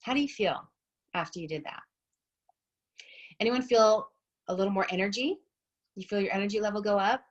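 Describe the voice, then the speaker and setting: A woman in her thirties speaks with a slightly husky voice in a relaxed, chatty group talk. She is a fitness instructor, upbeat and encouraging as she walks listeners through deep breathing. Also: moderate pace, long pauses, dull audio.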